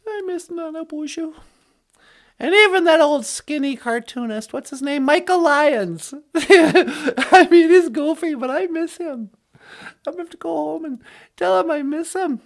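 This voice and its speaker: A woman's voice: high-pitched, expressive, a little slow. A woman co-hosting a casual vlog, teaching an Ojibwe phrase of the day in a playful, goofy way and laughing often.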